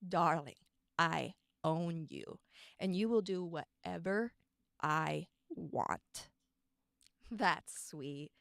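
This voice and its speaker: A woman voicing a cold, possessive young female villain from a teen drama in a voice acting take, calm and condescending. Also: on the low side, very slow, creaky, no room sound, clean studio sound, exaggerated voice.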